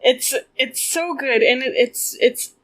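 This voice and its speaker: A woman's voice: high voice, slow pace, a bit bright, no room sound. A young woman co-hosting a podcast, chatting playfully and gushing about a manga chapter. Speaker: podcast co-host. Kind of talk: casual chat about manga.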